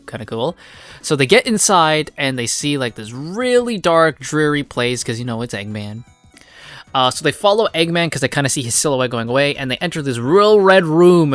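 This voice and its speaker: A man's voice: medium pitch, fairly bright tone, no room sound. A man giving a casual, rambling review of a comic, full of fillers and blunt swearing.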